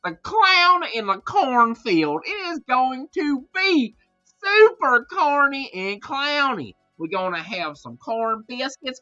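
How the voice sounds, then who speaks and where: Guy doing a silly southern cowboy voice, high and drawn out, kinda muffled with faint music behind. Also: pushed and bright, full character voice. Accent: put-on Southern US. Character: goofy corn-loving adult male country cowboy.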